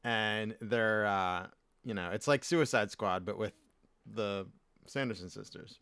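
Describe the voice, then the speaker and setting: A man's voice: lowish voice, a little slow, creaky, fairly bright tone, clear, resonant tone, dry recording. A man co-hosting a podcast, joking and laughing as he chats casually. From US East Coast. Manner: jokey, laughs often, does silly voices. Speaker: podcast co-host.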